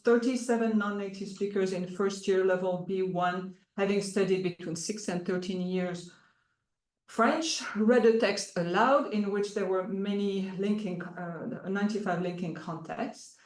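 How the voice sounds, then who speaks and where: A woman delivers an academic talk, explaining points one by one and pausing on fillers as she goes. Her voice sits at a middling pitch and carries a noticeable echo from the room. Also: darkish tone. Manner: explanatory, halting with frequent fillers. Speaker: conference presenter. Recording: echoey room.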